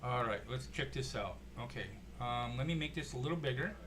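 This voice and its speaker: A man casually commenting over clips he plays, rambling and low-key with fillers. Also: lively intonation, a little fast, crowd noise. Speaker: channel host reacting to clips.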